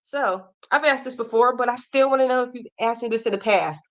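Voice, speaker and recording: A woman's voice: fairly high pitch, brisk. An American woman in her forties, hosting a casual livestream from home and chatting freely, often going off on tangents. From United States. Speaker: livestream host. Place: home with a Christmas tree.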